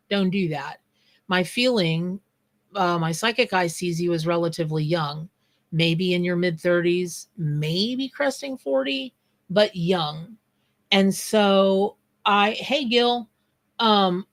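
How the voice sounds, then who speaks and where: Slow, blunt woman reading tarot. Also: fairly low pitch, fairly bright tone. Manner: blunt, straight-talking, greets viewers by name. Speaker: tarot reader and psychic. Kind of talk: live-stream tarot reading, casual chat.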